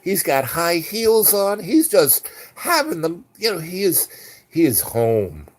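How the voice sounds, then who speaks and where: A man's voice: high voice, wildly swooping pitch, takes it slowly. A man telling a long anecdote in a casual, rambling way, with frequent restarts and fillers. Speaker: storyteller.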